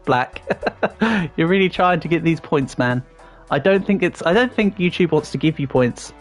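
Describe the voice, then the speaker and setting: An Englishman with a somewhat posh accent chats away on a livestream, his pitch bouncing up and down as he reacts to chat. He talks playfully and often trails off into ums before restarting a thought. Faint game music plays underneath. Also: animated, unhurried. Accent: English, fairly posh southern English. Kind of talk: casual livestream chat while gaming.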